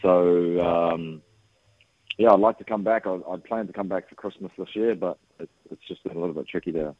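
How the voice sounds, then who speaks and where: Low-voiced New man on a phone line. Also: normal speed, dry recording. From New Zealand. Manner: relaxed, many fillers and restarts. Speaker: radio guest, sports coach. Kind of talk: phone interview.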